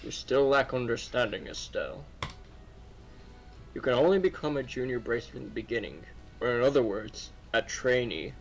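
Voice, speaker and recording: A man's voice: mid-range voice, lively intonation, normal speed, gravelly, soft background music, rough recording. A man reading as a stern, fatherly mentor. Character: stern but caring middle-aged father. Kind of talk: reading game dialogue aloud.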